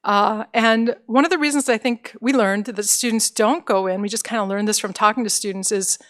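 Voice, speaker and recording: A woman's voice: medium pitch, brisk. A middle-aged woman presenting career services to parents in an encouraging, conversational way, with fillers and restarts.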